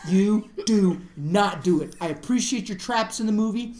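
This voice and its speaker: A woman's voice: medium pitch, moderate pace, a little hiss or hum. Ranting woman podcast co-host, echoey room. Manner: animated, ranting, laughing between lines. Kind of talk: casual podcast chat. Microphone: studio mic.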